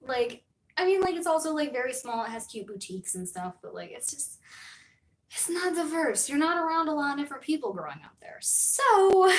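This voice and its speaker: A woman's voice: high-pitched, echoey room. A young American woman streaming, chatting casually in a rambling way, full of fillers and laughs. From United States.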